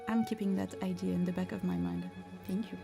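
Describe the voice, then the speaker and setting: A woman's voice: on the low side, fairly even intonation, a little fast, vocal fry. Hesitant French-accented woman chatting over violin. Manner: hesitant, thinking aloud, answers chat comments. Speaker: craft streamer. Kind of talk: casual live-stream chat while beading. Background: violin music.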